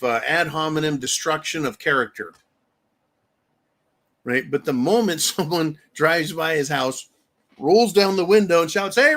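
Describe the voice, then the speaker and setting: On the high side and a bit bright, the male host's voice carries rambling, forceful, opinion-heavy commentary on his talk show, with mocking impressions for any quotes.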